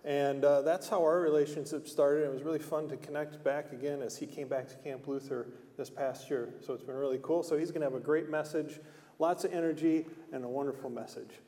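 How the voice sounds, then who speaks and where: A man serving as liturgist, leading a slow, measured prayer in church and introducing the children's message. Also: on the high side, steady tone, warm tone. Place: church sanctuary. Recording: long church reverb.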